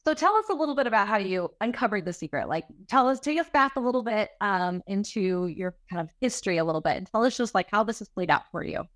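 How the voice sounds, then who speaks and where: A woman hosting an interview podcast asks her questions quickly and casually, with plenty of fillers. Her voice sits in a middle pitch, and the recording is dry and close. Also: animated, a bit bright, no room sound. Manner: casual, filler-laden prompting. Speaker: podcast host.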